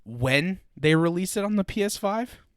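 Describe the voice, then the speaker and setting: A man's voice: high voice, lively intonation, normal speed, clean tone, no echo, studio quality. A young man hosting a solo podcast, ranting loosely and profanely with laughing asides. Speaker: podcast host.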